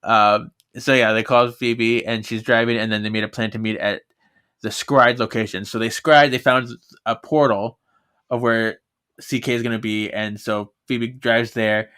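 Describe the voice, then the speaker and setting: A man's voice: fairly low pitch, fairly even intonation, moderate pace, sharp tone, clean tone. A man co-hosting a podcast, summarizing a book chapter by chapter with frequent laughter. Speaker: podcast co-host. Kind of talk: casual book-recap chat.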